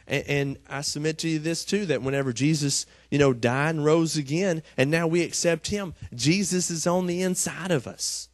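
A man's voice: on the high side, normal speed, dry recording. A man preaching a conversational sermon from scripture. He often repeats his words and asks the congregation "Amen?". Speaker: pastor.

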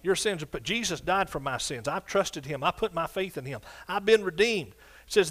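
Whooping and calling out hallelujahs, an older pastor preaches with exuberance in his church's sanctuary. His voice sits high, slightly bright, with lively intonation, and he sings the scripture slowly, drawing each line out.

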